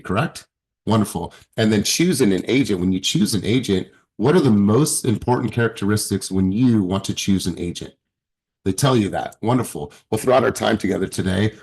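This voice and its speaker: A man's voice: on the low side, husky. A man coaching a sales team on a video call, blunt and profane, acting out client dialogue. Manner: blunt, profane, animated, acts out quotes.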